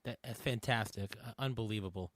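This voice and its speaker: A male podcast host reacting to a guest's story in a halting way, repeating words. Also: on the low side, no room sound. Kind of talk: casual interview.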